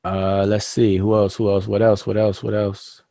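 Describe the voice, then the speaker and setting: Man, low voice, dry close sound, live-stream host, patient explainer, casual fillers. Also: flat delivery, moderate pace, vocal fry, warm tone, no echo. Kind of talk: live-stream discussion lecture.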